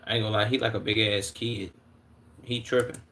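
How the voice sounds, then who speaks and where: A man's voice: fairly low pitch, level tone, a little fast, fairly bright tone, a little hiss or hum. A man in his twenties from Chicago, reacting casually on a live stream in a slangy way, often incredulous and stuttering over his words. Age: 20s.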